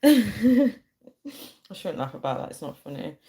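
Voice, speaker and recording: A woman's voice: medium pitch, sing-song, measured pace, mellow. A young woman chatting casually on a live stream, rambling and reading viewer comments aloud. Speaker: livestreamer.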